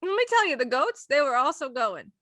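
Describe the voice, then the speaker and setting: A woman's voice: sits high, a little fast, no echo, clean studio sound. A young woman co-hosting a casual chat, telling a story animatedly and acting out the people she quotes. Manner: animated, acts out quoted voices, giggly. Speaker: podcast co-host.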